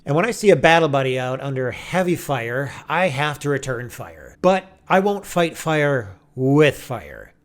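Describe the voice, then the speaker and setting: Man, online commentator, sarcastic, preachy, lively intonation, slightly high voice. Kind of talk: casual video commentary.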